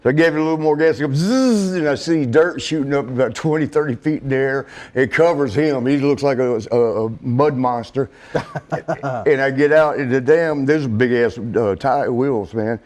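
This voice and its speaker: A middle-aged man telling a casual story, laughing often and swearing, acting out quotes in a higher voice. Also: moderate pace, a little mellow. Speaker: interview guest.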